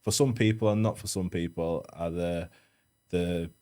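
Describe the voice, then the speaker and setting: A man with a Yorkshire accent and a low, deep voice speaks as a podcast guest. He talks slowly and reflectively, often stopping and restarting his sentences as he works out what to say. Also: fairly even intonation, a little mellow. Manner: halting, restarts often, thinks aloud. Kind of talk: reflective interview talk.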